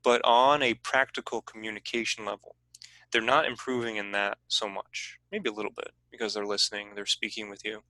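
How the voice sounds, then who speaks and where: A man presenting a teaching workshop over a video call, explaining in a relaxed, conversational way. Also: on the low side, a little fast, no room sound, rough recording.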